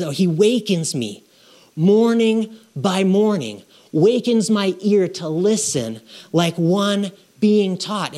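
A man preaching a conversational sermon, emphatic and repetitive, often checking in with his listeners. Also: fairly high pitch. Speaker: pastor.

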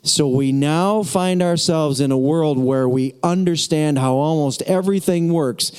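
A man's voice: a little high, a little slow, few pauses, a little mellow, smooth. A man preaching a sermon as pastor, emphatic and repetitive, with casual asides to the congregation. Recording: long hall reverb.

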